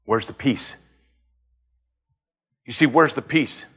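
A man preaching a sermon, firing rhetorical questions, rising to emphatic high points and dropping low again. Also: slow pace, fairly bright tone, breathy edge.

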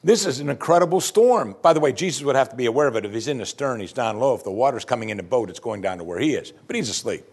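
A man preaching a sermon, his pitch swinging widely as he presses his listeners with rhetorical questions. His delivery is animated and expository, the manner of a pastor walking a congregation through a passage. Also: quick pace, hardly any pauses, slightly rough.

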